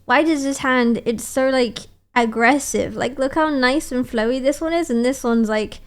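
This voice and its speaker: A woman's voice: high-pitched, normal speed. A woman streamer chatting casually and playfully, reading out viewer messages and teasing back at a desk mic.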